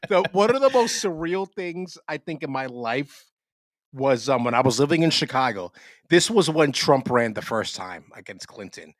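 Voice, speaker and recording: On a dry recording, a man with a mid-range voice at normal speed co-hosts a podcast. He's animated in this casual chat, spinning rambling stories full of swearing.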